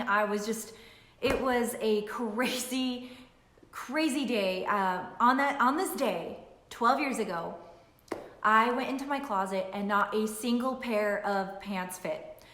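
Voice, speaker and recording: A middle-aged woman with a fairly high voice tells her personal story in an animated way, hammering home points by repeating herself. She sounds like a nutritionist talking straight to her viewers. The room around her is echoey. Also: unhurried. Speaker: nutritionist and weight-loss coach. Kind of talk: emotional personal story to camera.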